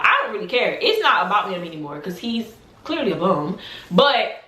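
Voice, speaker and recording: Animated young woman in an echoey room. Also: mid-range voice, fairly quick. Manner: animated, emphatic retelling full of slang. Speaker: vlogger. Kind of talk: storytime vlog.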